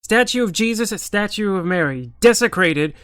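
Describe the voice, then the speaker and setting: A man's voice: sits high, lively intonation, moderate pace, fairly bright tone, clear, resonant tone, no room sound. A man ranting in political commentary, exasperated, sarcastic and profane.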